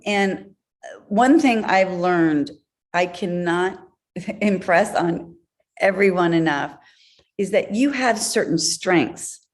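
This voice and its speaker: A woman guest on an interview show, telling business stories in an animated way with laughs along the way. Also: lowish voice. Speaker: guest, entrepreneur. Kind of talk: conversational storytelling.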